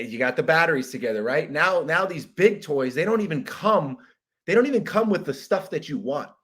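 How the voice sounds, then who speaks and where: A young man hosting his own podcast, with a bright, forceful voice pitched a bit high. He rants in an exasperated, profane comic monologue, now and then bursting into loud shouted impressions. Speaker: podcast host. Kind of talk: comedic monologue rant.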